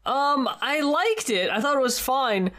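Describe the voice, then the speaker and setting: A podcast co-host telling a story in casual chat, animated, profane, acting out the quotes. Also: high-pitched, a little slow.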